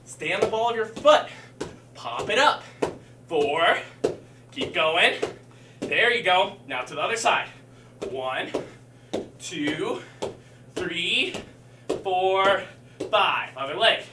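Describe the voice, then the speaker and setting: A male martial arts instructor leading a live-streamed workout, counting reps and calling cues while he exercises, slightly out of breath. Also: high-pitched. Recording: echoey room, mic far off, faint hum.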